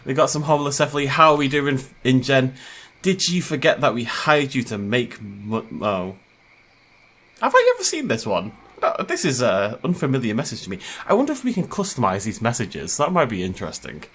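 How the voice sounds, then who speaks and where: A man's voice: medium pitch, lively intonation, fairly quick, hardly any pauses, a bit bright. A man giving casual gameplay commentary as a YouTuber, chatty and joking, laughing often. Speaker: gaming YouTuber.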